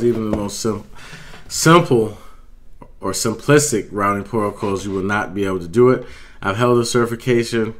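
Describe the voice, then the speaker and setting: A man, an IT instructor, giving a casual walkthrough of certifications in a conversational way, with frequent fillers and self-corrections. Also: mid-range voice.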